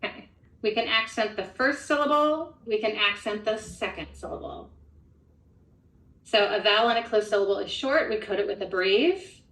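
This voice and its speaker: A woman's voice: medium pitch, normal speed, a bit bright, recorded from a distance. A woman trainer modeling a phonics lesson, explaining each step methodically. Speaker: literacy trainer. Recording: echoey room from off-mic.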